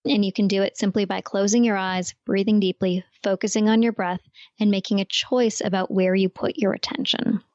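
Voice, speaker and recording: A woman's voice: mid-range voice, steady tone, fairly quick, a little mellow, dry recording. Woman explaining neuroscience in a dry, dull recording. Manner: clear, explanatory, uses everyday analogies. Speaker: neuroscientist guest. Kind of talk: podcast interview, explaining.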